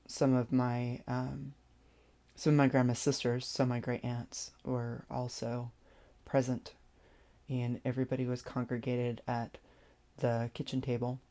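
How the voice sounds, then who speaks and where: Slow, gravelly, hesitant storyteller. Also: mid-range voice, mellow. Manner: hesitant, many pauses and restarts. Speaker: vlogger. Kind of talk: personal storytelling.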